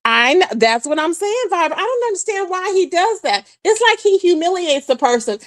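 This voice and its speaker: At a moderate pace, a livestreaming woman gossips in a high voice that jumps around with sassy energy. She keeps calling out to people in chat, and no room sound is audible.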